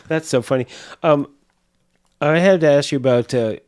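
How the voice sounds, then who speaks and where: A man co-hosting a podcast, chatting casually and reacting with short, eager replies and questions. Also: fairly high pitch. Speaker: podcast co-host. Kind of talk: casual chat.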